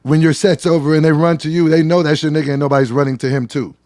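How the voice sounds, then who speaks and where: A man's voice: fairly high pitch, level tone, fast talker, a little mellow, no echo. A man hosting a casual studio interview, reacting bluntly and asking questions. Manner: blunt reactions with frequent swearing. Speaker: host.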